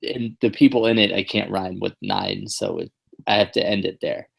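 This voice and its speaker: Gravelly-voiced joking man podcast host. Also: on the low side, normal speed. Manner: joking, rambling with fillers and restarts. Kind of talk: casual chat.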